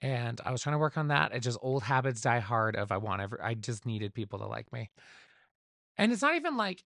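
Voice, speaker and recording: A man's voice: medium pitch, steady tone, quick pace, vocal fry, fairly bright tone, dry recording, clean studio sound. A man hosting his own solo podcast, chatting without a script in a rambling, candid way and swearing casually, recorded at home. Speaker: podcast host. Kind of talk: unscripted solo podcast chat.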